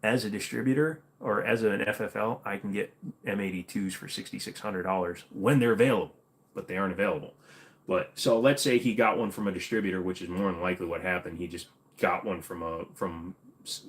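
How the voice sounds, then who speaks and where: Minnesotan male host, very low voice, blunt opinions, casual Q&A. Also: fairly quick, a bit bright. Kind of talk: casual livestream Q&A.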